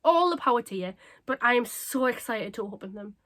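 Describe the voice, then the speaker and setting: A woman chatting casually to camera as a craft vlogger, bubbly and self-mocking, her voice a little croaky. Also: a little high, fairly quick. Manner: bubbly, excitable and self-deprecating. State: slightly croaky.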